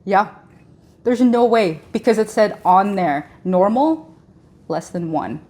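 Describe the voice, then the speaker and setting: A woman in her thirties telling her own pregnancy story as an interview guest, lively, laughing often and acting out the dialogue. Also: medium pitch, takes it slowly. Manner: animated, laughs often, acts out quoted dialogue. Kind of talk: emotional personal storytelling.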